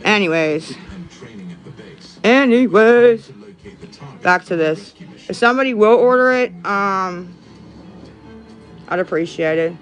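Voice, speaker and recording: A woman's voice: on the low side, a little slow, pauses often, fairly bright tone, soft background music. A woman streaming live, chatting to viewers in a sarcastic, profane, rambling way. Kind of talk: casual live-stream chat.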